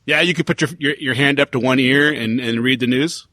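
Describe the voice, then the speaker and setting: A man's voice: mid-range voice, fairly quick, pushed and bright, dry recording, studio quality. A man hosting a casual podcast, laid-back and jokey and swearing freely. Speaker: podcast host.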